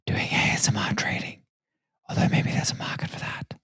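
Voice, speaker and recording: A man doing a breathy whispered ASMR trader. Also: moderate pace, pushed and bright, no room sound, lightly acted. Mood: mock-soothing. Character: man mock-whispering as a male ASMR trading host. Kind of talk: whispered role-play.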